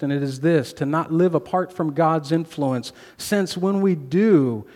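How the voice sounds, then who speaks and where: A man preaching a sermon as pastor, earnest, sometimes dropping to a hushed voice for emphasis. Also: a little high. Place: church sanctuary. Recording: long hall reverb.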